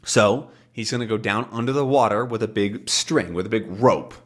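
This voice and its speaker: A man teaching English in a relaxed way, explaining words simply and often checking that learners follow him. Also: on the low side, moderate pace. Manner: animated, checks in often with questions.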